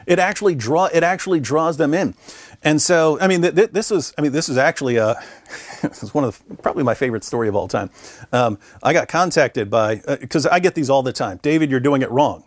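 Male interview guest, slightly high voice, dry close sound, animated storyteller who acts out the voices he quotes and repeats words as he starts sentences. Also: fairly quick, dry recording. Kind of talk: conversational storytelling. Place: conference venue.

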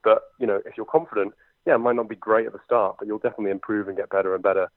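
This English comedian and impressionist, in his twenties with a London accent, has a lowish voice and fairly even intonation. He's chatting fast in an interview, full of fillers, over a tinny, dry phone line without echo.

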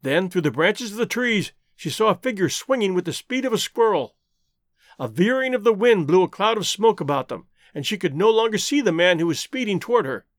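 A man narrating an adventure novel as an audiobook, with dramatic, expressive storytelling. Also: high voice, fairly quick, no echo, studio quality.

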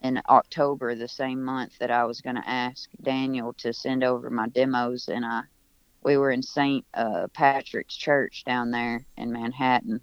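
Smooth-voiced man telling a rambling story. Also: medium pitch, level tone, a little slow, no room sound, lo-fi sound. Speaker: musician guest. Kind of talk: casual remote interview. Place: at home.

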